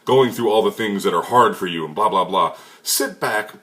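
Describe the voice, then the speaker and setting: A man's voice: lowish voice, normal speed, sharp tone. A young man from the United States, a fitness coach giving a blunt, profane motivational talk.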